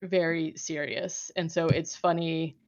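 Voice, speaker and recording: A woman's voice: deep voice, fairly even intonation, a little slow, muffled recording. A woman podcast host casually recapping a horror film, talking loosely with lots of fillers and frequent laughs. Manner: chatty, many fillers like "like", laughs often. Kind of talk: casual movie recap chat.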